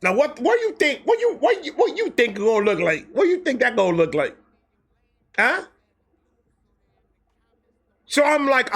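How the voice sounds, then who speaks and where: A young man telling a casual, comedic story, animated, acting out quotes with slang and swearing. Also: very high voice, moderate pace, long pauses. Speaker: storyteller host.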